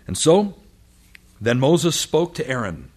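Taking his time, a medium-pitched male pastor preaches and reads scripture out loud. His delivery is animated as he voices the lines of the people and of God.

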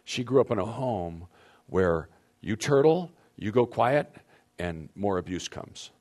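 A man's voice: lowish voice, expressive, a little slow, a little mellow. A man leading a marriage seminar for couples, speaking emphatically and addressing the audience directly on a handheld microphone. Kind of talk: teaching talk to couples.

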